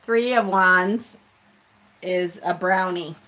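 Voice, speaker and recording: Slow, bright-voiced woman chatting on a live stream. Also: lowish voice. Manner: chatty, self-deprecating, laughs often. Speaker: live-stream host unboxing a tarot deck. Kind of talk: casual live-stream chat with viewers.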